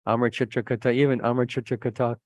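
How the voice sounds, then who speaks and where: A man's voice: medium pitch, flat delivery, fast, a little mellow, dry recording. A man preaching a sermon, earnest and admonishing, telling stories to make his points. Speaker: preacher, monk. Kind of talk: sermon with anecdotes.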